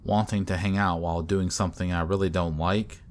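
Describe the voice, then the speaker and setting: A man with a low voice voicing a timid, gentle younger brother who speaks hesitantly and apologetically. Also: level tone, a little fast, close to an everyday voice. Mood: earnest.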